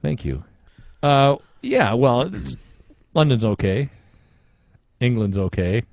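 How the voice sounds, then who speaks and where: A man's voice: mid-range voice, sing-song, slow pace, vocal fry, no echo. A man co-hosting a podcast in casual chat, joking and teasing his partner. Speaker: podcast co-host.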